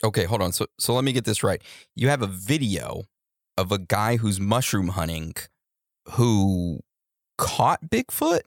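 On a podcast, a male co-host with a low, gravelly voice talks casually, slowly mulling over ideas and stretching out his questions. The recording is dry and close, with no room sound.

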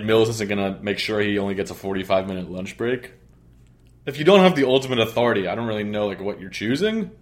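Low-voiced sarcastic male podcast host. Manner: sarcastic, joking, rambling. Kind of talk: casual sports podcast chat.

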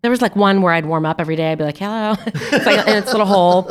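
A young adult woman telling a lively story to a host in a casual chat, laughing often. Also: fairly low pitch, rapid-fire. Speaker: guest. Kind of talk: casual anecdote.

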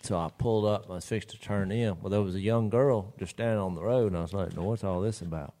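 Guy drawling thru a story on a podcast, kinda low voice, chuckles a lot. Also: fast talker, warm tone. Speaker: podcast co-host. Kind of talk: casual storytelling chat.

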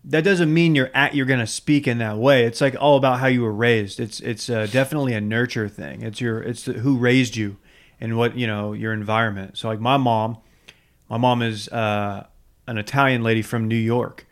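A man's voice: mid-range voice, fairly even intonation, moderate pace. A man co-hosting a podcast in casual chat, joking and reading out a ranked list. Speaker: podcast co-host.

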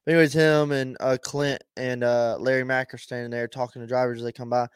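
A man co-hosting a casual podcast by remote call, telling stories in a laid-back, profane way with animated impressions. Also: mid-range voice, fairly quick, smooth, no echo, studio quality. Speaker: podcast co-host. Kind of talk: casual chat.

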